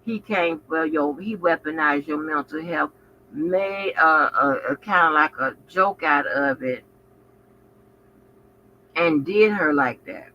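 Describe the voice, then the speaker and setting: A woman hosting a reaction commentary channel, profane and animated, talking back at the clips she plays. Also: low voice, takes it slowly. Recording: muffled with faint background noise.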